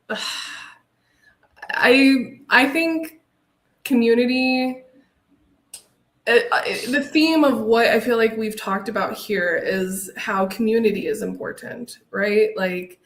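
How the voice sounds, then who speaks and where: Woman guest on a podcast, slow, thinks out loud, lots of ums and restarts. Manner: reflective, halting, with frequent fillers and pitch jumps. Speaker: podcast guest, design software user group leader. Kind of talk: casual chat.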